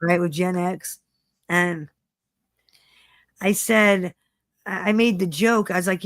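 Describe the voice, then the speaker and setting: Profane, animated woman telling stories. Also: fairly low pitch, slow pace, pauses often, no echo, studio quality. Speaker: co-host. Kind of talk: casual chat.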